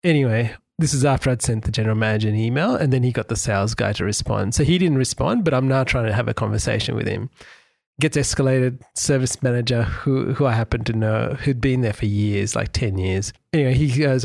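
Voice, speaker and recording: A middle-aged man co-hosting a podcast, telling a story in animated, casual chat. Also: mid-range voice, fairly quick, gravelly, no echo. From Australia. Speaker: podcast co-host.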